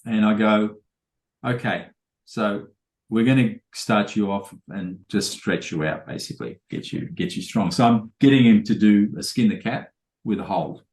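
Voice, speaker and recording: A man's voice: lowish voice, normal speed, a little mellow, reverberant. A man, a trainer telling rambling anecdotes full of quoted dialogue in a casual podcast interview.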